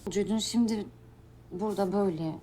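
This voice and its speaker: An actress playing a hesitant young woman in a TV drama, speaking softly and questioningly. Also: medium pitch, a little fast, slight background noise, natural voice. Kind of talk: TV drama dialogue.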